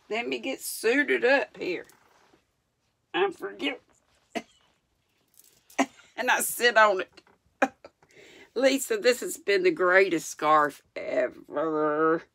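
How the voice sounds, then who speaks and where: A woman's voice: on the low side, creaky, bright, forceful tone, dry recording, studio quality. An older woman with a Southern US accent, from North Carolina, chatting folksily and laughing as she reads a storybook aloud to her viewers. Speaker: channel host reading aloud. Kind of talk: casual storybook read-aloud.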